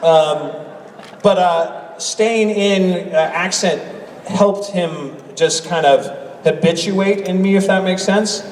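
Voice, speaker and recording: A man's voice: high voice, slow pace, a little hiss or hum. A middle-aged man from Canada, an actor answering questions on a convention panel, playful and thoughtful. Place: large convention hall. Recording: echoey hall, from a distance.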